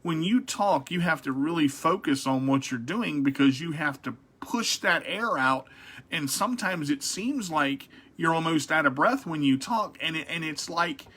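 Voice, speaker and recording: Bright-voiced man hosting a radio chat. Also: fairly high pitch, expressive, moderate pace, slightly rough. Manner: rambling, frequent restarts and repeated words. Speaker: radio show host. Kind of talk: casual interview chat.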